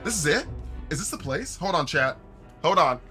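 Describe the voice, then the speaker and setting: Bright, lively young male game streamer. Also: fairly high pitch, normal speed, soft background music. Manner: animated, laughing, reads game dialogue aloud and jokes to chat. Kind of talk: casual let's-play commentary.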